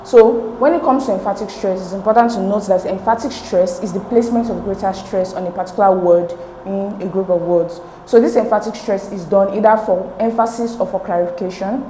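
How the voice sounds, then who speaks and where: Woman, exam tutor, methodical, mellow tone, echoey room, faint hiss. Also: mid-range voice, fairly quick, hardly any pauses. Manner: methodical, repeats key points. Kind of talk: explaining exam questions.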